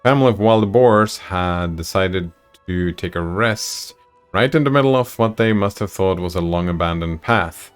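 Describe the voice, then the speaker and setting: A man with a fairly low voice reads a fantasy text adventure aloud on his stream. He moves easily between the story's narration and relaxed chat with the viewers in the chat. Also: moderate pace, clear, resonant tone, faint music behind.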